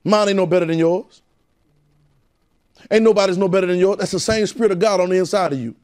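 A man's voice: high-pitched, quick pace, a little mellow. A man teaching a Bible class in a preaching style, repeating phrases and calling out questions to the room. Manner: call-and-response, repetitive, emphatic.

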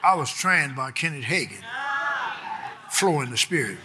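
A man preaching a charismatic sermon at a live church service, laughing and shouting exhortations. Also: medium pitch, animated, moderate pace. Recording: loud crowd and heavy noise in a live church.

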